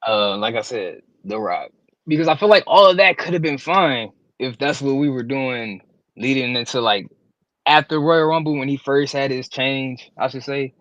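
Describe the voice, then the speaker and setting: A man's voice: normal speed, fairly bright tone, dry recording, highs cut off. A man co-hosting a wrestling reaction podcast, talking casually with a playful, teasing manner. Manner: playful, teasing, swings between high and low tones. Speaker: podcast co-host.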